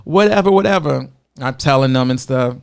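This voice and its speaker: A man's voice: medium pitch, expressive, a little fast, creaky, smooth. A man co-hosting a podcast, telling a long story in casual chat, acting out the voices he quotes and laughing often. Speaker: podcast co-host.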